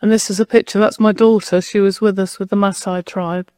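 A woman preaching a sermon at a medium pitch, sharing a personal story as if talking to friends. Her voice is close and dry, with almost no room sound. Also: steady tone, brisk, darkish tone, no room sound. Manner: personal storytelling, conversational and direct.

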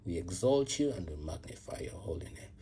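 A man leads a devotional reflection and prayer in an earnest, repetitive way, now and then falling to a whisper. His voice is mellow and warm in tone. It has a husky, breathy edge. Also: low voice, very animated, brisk. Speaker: prayer leader.

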